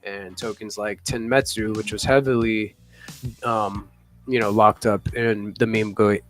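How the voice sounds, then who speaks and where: A man's voice: fairly low pitch, fairly even intonation, measured pace, faint music behind. A man hosting a casual live news chat, rambling with lots of fillers and laughing now and then. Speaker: morning show host.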